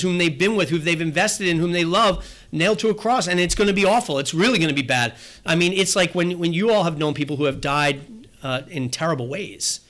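A man's voice: high voice, a bit bright. A man preaching a sermon as pastor, talking in a conversational way, repeating phrases and acting out little asides.

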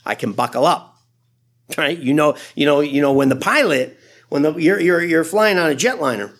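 A man who is a pastor, preaching a sermon in an animated, conversational way with frequent asides. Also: fairly high pitch, brisk.

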